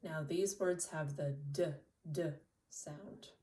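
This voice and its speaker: A woman from Canada teaching an English lesson, repeating words slowly and clearly. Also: sits low, mellow, distant mic. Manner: slow, deliberate repetition of single words.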